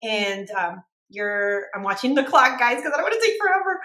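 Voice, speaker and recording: A woman's voice: a little high, big pitch swings, normal speed, pushed and bright. A woman telling a long story in casual chat, rambling and using "like" a lot. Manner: rambling, heavy use of "like". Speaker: podcast team member telling a story. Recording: echoey room.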